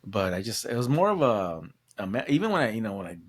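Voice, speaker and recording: Low-voiced man reflecting haltingly. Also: sing-song. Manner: reflective, halting with fillers like "you know". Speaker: podcast co-host. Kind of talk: casual chat.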